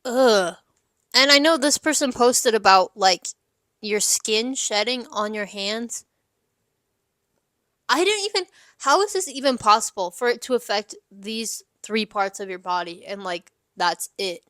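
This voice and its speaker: A woman's voice: a little high, a little slow, no room sound, studio quality. Chatty young woman giving casual advice. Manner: chatty and candid, many "like" fillers, lively asides. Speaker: advice show host.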